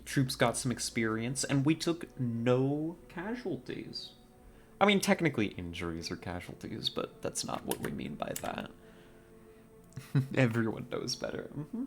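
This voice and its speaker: A man's voice: mid-range voice, sing-song, unhurried, faint music behind. A man chatting casually while livestreaming a strategy game, rambling and often laughing at his own jokes. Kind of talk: casual gameplay chat while streaming.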